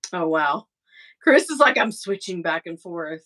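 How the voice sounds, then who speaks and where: A woman's voice: on the low side, bright, forceful tone. A middle-aged woman chatting casually on her livestream, rambling and exasperated as she talks to her viewers. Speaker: livestream host.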